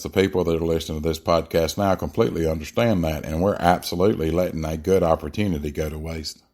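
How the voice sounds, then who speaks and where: A man's voice: low-pitched, darkish tone. A man hosting a podcast, giving a blunt, emphatic political monologue with frequent fillers and restarts. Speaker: podcast host.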